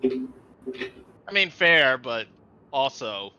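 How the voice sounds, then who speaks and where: A man playing in a tabletop game, excitable and jokey, describing his character's moves. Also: medium pitch, extremely slow, smooth, lo-fi sound. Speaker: player. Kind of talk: casual tabletop play.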